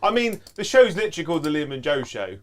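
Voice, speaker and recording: A man with a West Country English accent, co-hosting a live tabletop game stream, jokey and prone to loud outbursts. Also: fairly high pitch, very animated, fast. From Somerset, England. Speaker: co-host. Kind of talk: casual banter on a live stream.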